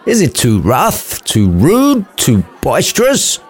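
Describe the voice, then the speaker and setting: A man's voice: fairly high pitch, wildly swooping pitch, slow, slightly rough, pitched above the performer's own voice, heavily acted. A man voicing a melodramatic, lovesick young nobleman in a comic storybook retelling, theatrical and mopey.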